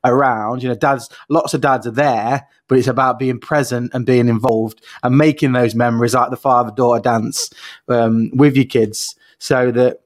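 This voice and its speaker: Male podcast host, casual, rambling, mid-pitched. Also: steady tone, moderate pace. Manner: friendly, rambling questions with restarts. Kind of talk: casual conversational interview.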